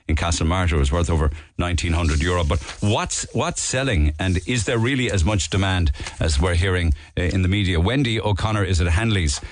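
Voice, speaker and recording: A man's voice: low-pitched, no room sound. A man hosting a phone-in radio show in a studio, chatty and rambling with jokey asides. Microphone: studio microphone.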